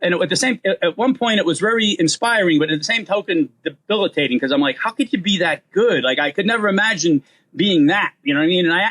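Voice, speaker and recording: A man in his fifties with a Boston accent, a comedian telling stories as a podcast guest. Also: high-pitched. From Boston area. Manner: fast-talking, animated storyteller. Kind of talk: storytelling in casual interview.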